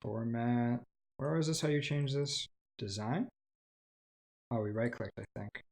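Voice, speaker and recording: Slow, hesitant man thinking aloud. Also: medium pitch, gravelly, darkish tone. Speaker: streamer teaching himself a language. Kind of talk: casual self-study livestream.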